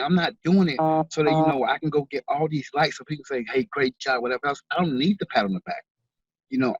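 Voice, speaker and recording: This husky, mid-range male voice belongs to an interview guest who writes books and runs a veterans charity. His delivery is sincere and from the heart, with frequent word repetitions, captured in a dry, lo-fi recording.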